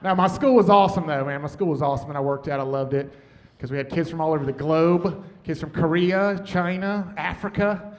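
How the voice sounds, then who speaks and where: A man performing a stand-up comedy set on stage, deadpan, with muttered asides. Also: a little high, fairly quick. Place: comedy stage with laughing audience. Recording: noisy stage recording.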